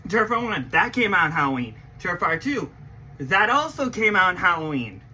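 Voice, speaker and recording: A young man hosting a casual reaction vlog, excitable, swinging from mumbling to yelling and swearing often. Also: high voice, fairly quick, a little hiss or hum, low-quality recording. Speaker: channel host reacting to a movie trailer.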